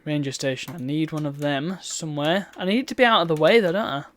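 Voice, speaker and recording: A woman's voice: sits low, quick pace. A woman chatting through a live game stream, with exasperated outbursts at the game. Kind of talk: live gameplay commentary.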